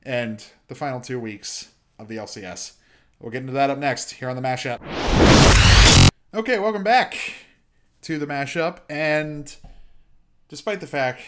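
A young man hosting a solo sports and gaming podcast, chatty and excitable, breaking into exasperated rants. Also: medium pitch. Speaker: podcast host.

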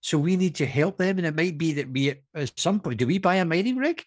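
A man's voice: fairly high pitch, brisk. A man with a Scottish accent co-hosting a podcast, chatting eagerly and reading news items aloud. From Scotland. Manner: animated, enthusiastic, reads news aloud. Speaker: podcast co-host. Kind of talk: casual podcast chat.

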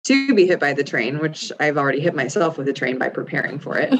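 A woman's voice: sits low, lively intonation, fast, muffled recording. A woman in her thirties, co-hosting a podcast, talking candidly and reflectively with lots of "like" fillers. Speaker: podcast co-host. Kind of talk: casual chat.

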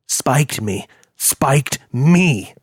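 A man's voice: medium pitch, expressive, breathy edge, dry recording, clean studio sound, heavily acted. A man voicing a volatile, heavyset male hacker who hisses and rants in bitter, profane outbursts. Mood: despairing. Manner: hissing, ranting, drawn-out bitter outbursts.

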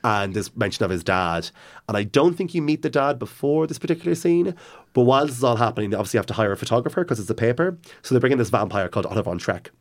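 A man's voice: mid-range voice, animated, quick pace. A man in casual chat, enthusiastically retelling a novel's story with lots of restarts and asides. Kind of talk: casual chat about books.

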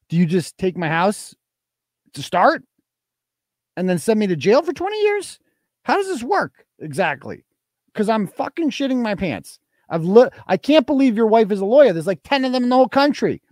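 Animated, mocking male talk-show host. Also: high-pitched, normal speed, no room sound, studio quality. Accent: Boston. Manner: mocking, combative, profane. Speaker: podcast host. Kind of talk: livestream talk show rant.

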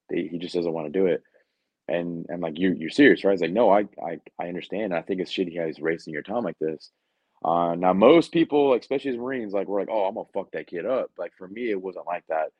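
A young man spins a casual recruiting story, slangy and blunt, full of fillers. His voice sits low. The recording is muffled and dry. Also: no echo. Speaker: Marine recruiter. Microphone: podcast mic.

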